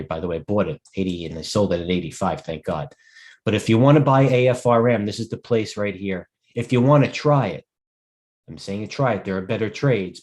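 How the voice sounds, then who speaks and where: A man's voice: deep voice, a little mellow. A middle-aged man hosting a live market commentary stream, tired and rambling as he digresses and stops to answer viewers' questions. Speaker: host and stock broker.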